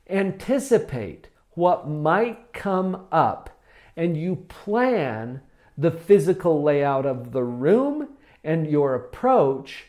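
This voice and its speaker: Man giving a calm, measured countdown lesson. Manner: calm, measured, emphatic teaching tone; acts out quoted speech with big pitch jumps. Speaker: presenter on behaviour management. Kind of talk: scripted countdown talk.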